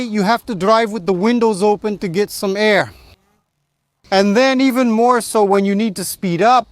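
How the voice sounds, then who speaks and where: A man's voice: high voice, smooth, dry recording. A man from Brazil chatting enthusiastically about his classic car in a casual vlog. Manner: enthusiastic, chatty, says man and you know often. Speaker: car vlogger.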